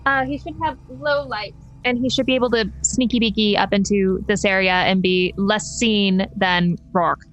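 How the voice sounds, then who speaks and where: A woman playing a tabletop game, excited and playful as she talks. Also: medium pitch, moderate pace, hardly any pauses, faint music behind, poor audio. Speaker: player. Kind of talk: casual tabletop play.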